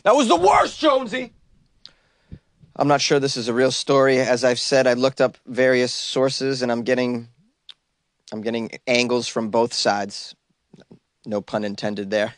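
Jokey and quick to laugh at his own lines, this podcast host runs a comedic news show out of a small closet, riffing on the stories. He speaks at medium pitch in a level tone, a little slowly. The audio is studio quality, no echo.

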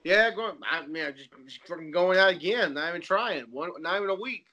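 A man's voice: high-pitched, animated, a little fast, pushed and bright, lo-fi sound. A man in casual chat, laid-back and swearing often, talking about cosplay.

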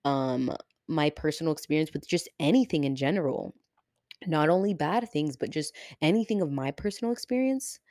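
In a casual solo podcast monologue, a young woman with a low, mellow voice talks in an animated, chatty way, leaning heavily on "like" and swearing. She is getting emotional, close to tears. The sound is studio quality with no room noise.

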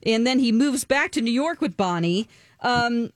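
A woman chatting casually as she recaps a movie plot, animated and full of ums, acting out the characters. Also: on the high side, normal speed, no room sound, clean studio sound.

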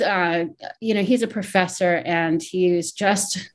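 A woman's voice: on the low side, fairly even intonation, measured pace, a little hiss or hum. Candid, emotional woman author. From Hawaii. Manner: candid, emotional, thinks aloud. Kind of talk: interview, reflective talk.

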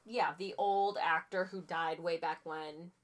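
A woman's voice: lowish voice, fairly even intonation, measured pace. A woman co-hosting a podcast, chatting casually, blunt and jokey, swearing freely. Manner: blunt, joking, swears freely, laughs often. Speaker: podcast co-host. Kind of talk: casual chat.

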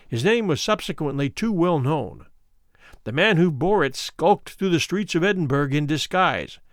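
A man narrating a classic story as an audiobook, with deliberate and expressive storytelling. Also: a little high, dry recording, studio quality.

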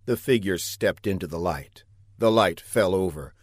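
A man narrates a comic spy story, landing his puns with a deadpan delivery. His pitch moves in a lively way from line to line. The sound is close and dry, with no room in it. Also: moderate pace, breathy edge, no echo. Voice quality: deadpan, pun-heavy delivery.

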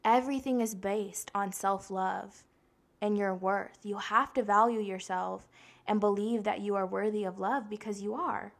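A woman's voice: medium pitch, fairly even intonation, moderate pace, creaky. A young woman hosting a casual self-help podcast, blunt and profane, talking straight to her listeners and acting out the voices she quotes. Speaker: podcast host.

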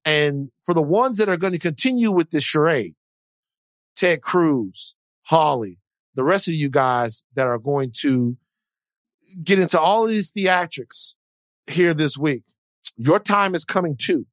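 A man's voice: fairly high pitch, a little slow, dry recording. Man, emphatic podcast co-host. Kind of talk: casual political chat.

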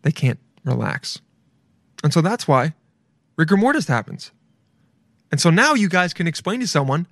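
Reaction host, male, slightly high voice, dry close sound, rambling and excitable, heavy on "dude". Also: moderate pace, pauses often, no room sound. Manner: rambling, excitable, says "dude" often, swears. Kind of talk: casual reaction commentary.

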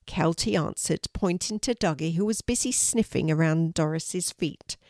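An older grandmother reading a children's storybook aloud in a gentle, warm manner. Her voice sits fairly low, and the recording is close and dry. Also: a little slow, vocal fry, hardly any pauses, no echo.

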